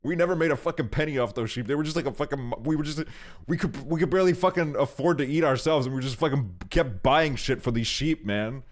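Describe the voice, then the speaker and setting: A man's voice: mid-range voice, fast talker. A young man streaming, telling long stories in rambling casual chat full of fillers and swearing. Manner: rambling, profane storytelling with frequent fillers.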